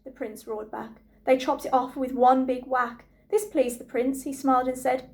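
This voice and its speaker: A woman reading a rhyming storybook aloud to children with a lively, rhythmic delivery. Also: sits high, moderate pace, hardly any pauses.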